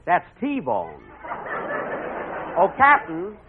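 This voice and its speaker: Fussy, flustered comedian on old radio. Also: male voice, high-pitched, wildly swooping pitch, extremely slow. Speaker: comedian host. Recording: tinny, hissy old radio broadcast.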